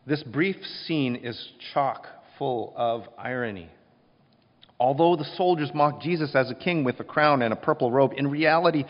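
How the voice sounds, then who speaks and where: Preacher with a long hall reverb. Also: male voice, on the high side. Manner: expressive, emphatic storytelling. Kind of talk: sermon. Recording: dull recording with long reverb.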